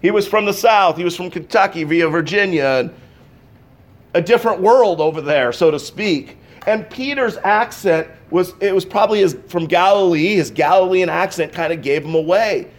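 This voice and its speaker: A man preaching in a church, his voice set a little higher than most men's. He swings between loud, emphatic bursts and hushed, intense passages as he talks to his congregation. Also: moderate pace. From Pacific Northwest. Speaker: pastor. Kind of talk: sermon. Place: church sanctuary.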